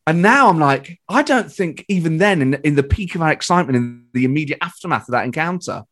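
A British man, a comedian guest, telling an excited story in casual chat, with frequent restarts. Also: a little high, fast.

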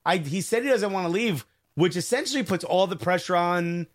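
Animated high-voiced male football co-host. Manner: fast, emphatic, animated. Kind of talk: casual live-stream football chat.

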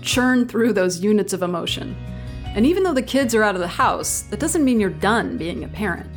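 A woman's voice: mid-range voice, lively intonation, normal speed. Woman podcast host; reflective and easygoing, faint music underneath. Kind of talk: casual conversation.

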